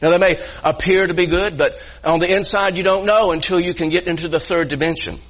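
A male pastor relates a personal story during a sermon, earnest and restarting often as he repeats himself to build his point. His voice is high-pitched and steady in tone, a little fast and somewhat bright. The recording sounds muffled and lo-fi.

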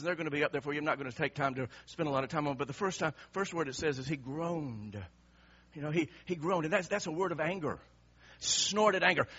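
Husky forceful preacher guy, passionate sermon, dull lo-fi recording. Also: fairly high pitch. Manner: impassioned, emphatic, repeating words. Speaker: pastor.

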